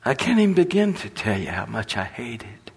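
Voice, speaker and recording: A man preaching a sermon in a folksy, storytelling way with a husky voice. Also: medium pitch, very animated, moderate pace.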